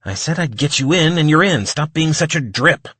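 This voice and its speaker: A brash young man snaps back, impatient and dismissive, his voice a little raised and louder than the narration, as a male audiobook narrator plays him. The husky timbre sounds dry and close to the mic. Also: a little high, animated, moderate pace, dry recording, pitched above the performer's own voice. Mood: irritated. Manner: snappy, dismissive.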